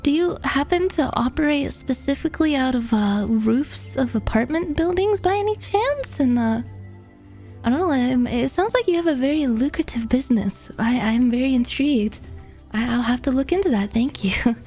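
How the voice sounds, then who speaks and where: A woman's voice: sits high, lively intonation, normal speed, darkish tone, faint music behind. A woman streamer in casual chat, rambling and laughing, with lots of "like" fillers. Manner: rambling and laughing, heavy use of "like".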